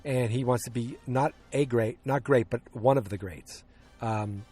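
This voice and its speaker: A man's voice: mid-range voice, unhurried, dark tone, husky. Rambling man recapping a movie. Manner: rambling, hesitant, many ums and restarts; acts out quoted lines. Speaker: podcast host.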